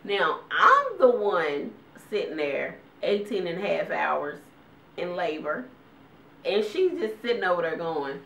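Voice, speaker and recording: A woman's voice: fairly low pitch, very animated, unhurried, a bit bright, echoey room, recorded from a distance. A woman, telling stories casually to her viewers, acting out quotes with big jumps in voice and frequent laughs. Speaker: vlogger giving a weight update.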